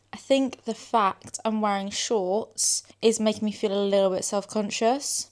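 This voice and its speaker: Young woman, casual vlog chat, rambling, self-deprecating, sweaty, indoors. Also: medium pitch. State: hot and sweaty. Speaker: vlogger. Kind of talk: casual chatty vlog to camera. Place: small house indoors.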